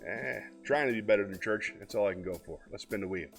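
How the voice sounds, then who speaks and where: A man hosting a live stream, reading a poem aloud in a solemn, measured way with dramatic pauses. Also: fairly low pitch, creaky, faint music behind. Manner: rambling self-deprecating chatter to viewers. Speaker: host of a live-stream variety show. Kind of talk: poetry reading and casual chat on a livestream.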